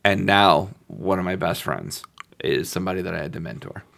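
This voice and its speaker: A man with a very low, gravelly voice chats casually as a podcast co-host. He jokes around and eagerly eggs the others on, with a rough, creaky edge to his speech. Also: a little fast, fairly bright tone. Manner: joking, eager, pushes others to play along. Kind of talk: casual chat.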